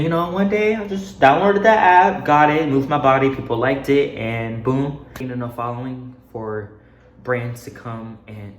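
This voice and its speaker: A young man giving casual modeling advice while walking around a room, a little out of breath, chatty with loose restarts. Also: medium pitch. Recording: echoey room, faint noise.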